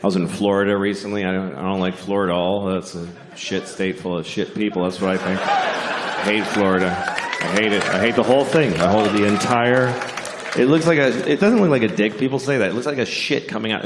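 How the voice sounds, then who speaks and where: A man's voice: fairly low pitch, brisk, echoey room, a crowd in the background. A man performing a stand-up comedy set, ranting sarcastically with plenty of profanity and mock outrage.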